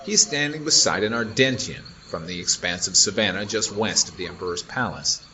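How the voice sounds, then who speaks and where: A man's voice: on the low side, expressive, fairly quick, sharp tone, slight background noise, poor audio. A man voicing a polite young chronicler who narrates in an audio drama, wry and formal.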